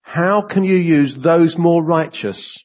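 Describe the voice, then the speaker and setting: Male preacher delivering a sermon: husky, high-pitched, dull lo-fi recording. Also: takes it slowly. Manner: animated, rising sharply when voicing complaints to God.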